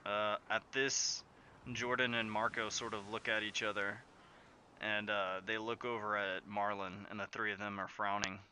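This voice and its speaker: A man narrating a tabletop game as game master, relaxed and full of fillers. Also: lowish voice, normal speed, a little hiss or hum.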